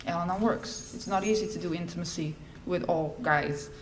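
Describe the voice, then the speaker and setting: A middle-aged woman giving a personal testimony at a recovery fellowship event, telling her story in a lively way and acting out the lines she quotes. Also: on the low side, normal speed, slight background noise. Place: large event hall. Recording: echoey hall with faint ambience.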